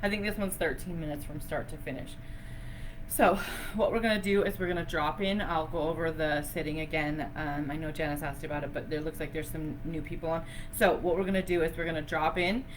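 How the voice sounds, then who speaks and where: A woman's voice: low voice, steady tone, a little fast, a little hiss or hum. A woman teaching breathwork on a live online session, chatty and effusive, laughing often and using a lot of fillers. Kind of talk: casual live-stream teaching.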